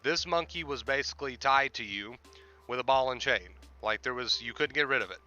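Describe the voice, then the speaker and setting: A man's voice: mid-range voice, brisk, pushed and bright, dull audio. A man hosting a livestream, explaining with repetition and emphasis in casual talk. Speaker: livestream host and life coach.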